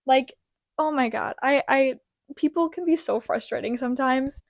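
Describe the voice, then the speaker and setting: A young woman with a slightly high voice chats casually to camera from her childhood bedroom. She is an animated storyteller who leans on fillers as she goes. The sound is close and dry, with no room around it. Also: normal speed, no room sound. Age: young adult. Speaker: crochet pattern designer.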